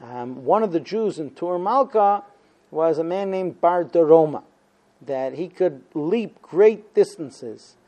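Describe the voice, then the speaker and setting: A man teaching a Talmud class, telling a story with lively acted-out quotes and frequent fillers. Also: a little high, takes it slowly, lo-fi sound. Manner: animated storyteller, acting out quotes, many fillers. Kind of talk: storytelling lesson.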